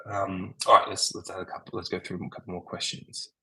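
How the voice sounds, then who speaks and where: A man with a low, somewhat raspy voice answers chat questions on a livestream. He is a doctor and talks in a loose, conversational way, thinking aloud as he goes. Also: level tone, brisk, sharp tone, rough recording.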